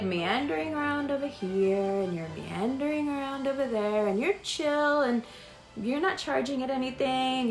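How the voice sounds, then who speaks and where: A woman giving a casual horoscope reading in a chatty, animated way, sometimes acting out imagined dialogue. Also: a little high, roomy sound. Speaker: astrologer.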